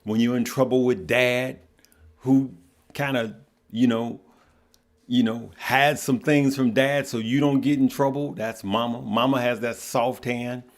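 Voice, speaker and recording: A middle-aged man hosting a casual livestream, greeting viewers by name in a relaxed, heartfelt way. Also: mid-range voice, unhurried. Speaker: livestream host.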